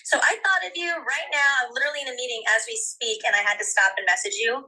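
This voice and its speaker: A woman's voice: on the high side, fast, pushed and bright, low-quality recording. A woman recording a persuasive voice note, eager and pushy. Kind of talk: persuasive voice message.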